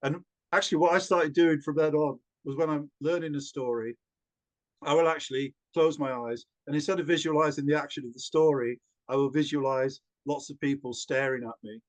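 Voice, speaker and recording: A male storyteller talks through his craft with animated energy, often tripping over repeated words before pushing on. His voice sits a little higher than most men's. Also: fairly quick. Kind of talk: interview answer.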